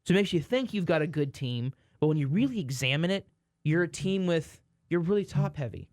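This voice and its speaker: Rambling, higher-voiced man. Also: lively intonation, fairly quick, a little mellow, dry recording, clean studio sound. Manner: rambling, self-correcting, exasperated. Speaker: sports podcast co-host. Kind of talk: casual sports chat.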